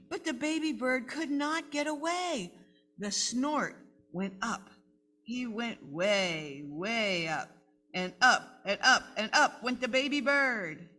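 At a live event, a woman reads a picture book aloud to children, animated and talking directly to her audience. Her voice is a little high and her pace slow. She's on a microphone, with faint music in the background.

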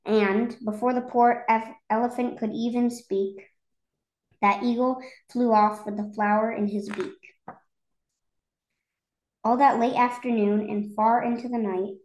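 A woman's voice: a little high, little pitch movement, a little slow, darkish tone. A woman reading a rhyming children's story aloud in a rhythmic, lilting way. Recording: roomy echo.

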